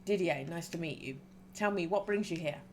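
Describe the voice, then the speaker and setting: A woman gives voice to a jovial middle-aged biker who owns a record shop, in a story game. He talks in a hearty, easy way, and the voice sits fairly low. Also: moderate pace, darkish tone, slight background noise, lightly acted.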